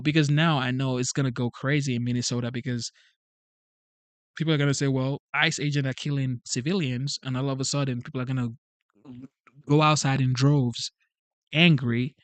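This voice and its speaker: This is a channel host reading his live chat during a casual livestream, a man who immigrated to the country and whose native tongue isn't English. His voice sits in the mid range with no echo, and he speaks in an earnest, pleading way, saying things over and over.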